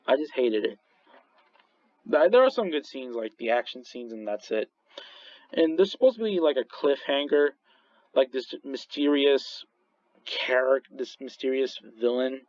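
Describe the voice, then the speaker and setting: A man's voice: mid-range voice, a little mellow, no room sound, dull audio. A man reviewing movies in casual chat, rambling with many restarts and frequent laughs. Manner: rambling, full of restarts and fillers, laughs often.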